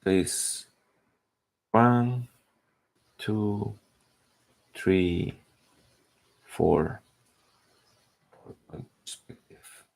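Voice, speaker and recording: Low gravelly man. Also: drawn-out words, long pauses, a little mellow. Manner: rambling, searches for words, restarts, swears casually. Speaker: artist narrating his drawing. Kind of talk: casual commentary while drawing.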